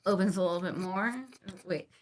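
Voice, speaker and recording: A woman's voice: on the low side, steady tone, normal speed. A woman who is a theater executive and former stage manager, telling a story on a casual podcast with lots of laughter.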